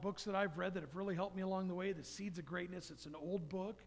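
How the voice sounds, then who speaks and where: A man's voice: high voice, a little fast, few pauses, in a large hall. A man giving an earnest personal testimony in a church, telling stories about faith. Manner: earnest, storytelling. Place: church sanctuary.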